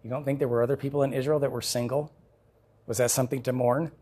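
Slightly husky preaching man. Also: mid-range voice, fast talker. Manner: animated storytelling with chuckles. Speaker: pastor. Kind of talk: sermon.

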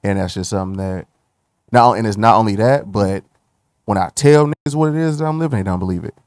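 A man's voice: lowish voice, fast talker, no room sound, clean studio sound. A young man telling a personal story in candid, profane, casual conversation on a podcast. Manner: loose, profane, animated when retelling anger. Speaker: guest.

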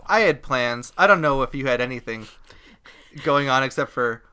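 A man's voice: medium pitch, expressive, moderate pace, pushed and bright, clean tone. A man co-hosting a podcast in casual chat, rambling and self-mocking and laughing often. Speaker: podcast co-host.

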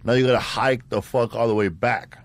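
A man hosting a laid-back podcast, his ordinary mid-pitched voice recorded completely dry and close. He rambles, stumbles over repeated words and peppers his talk with "bro" and "man". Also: fairly even intonation, a little fast, no room sound. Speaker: podcast host. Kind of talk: casual chat.

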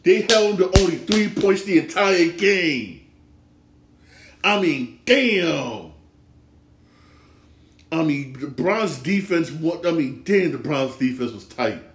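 A man's voice: a little high, animated, slow pace, pauses often, echoey room. A man hosting a casual solo sports talk show, emphatic and repetitive, circling back to the same points again and again. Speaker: sports podcast host.

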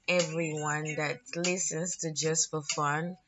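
Woman podcast host, lowish voice, earnest and reflective, muffled lo-fi sound. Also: measured pace, noisy background. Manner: reflective, earnest, slightly preachy. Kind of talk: casual solo podcast chat. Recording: dull lo-fi audio with music underneath.

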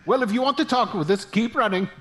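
A man's voice: sits high, quick pace, fairly bright tone. A man playing a proud male knight who brushes off requests while on a quest. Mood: haughty.

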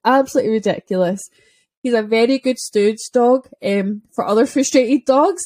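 A young Scottish woman chats casually on a podcast, her voice pitched a little high. She tells lively stories, slipping into quick voices and swearing freely. The sound is close and dry, with no room around her. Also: no echo. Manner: animated storytelling, acting out voices, swearing. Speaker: podcast host, dog trainer. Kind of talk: casual chat.

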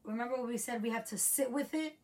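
A woman's voice: a little high, fast, darkish tone. A young woman from the United States, talking reflectively in a rambling casual chat. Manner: reflective, rambling, restarts often.

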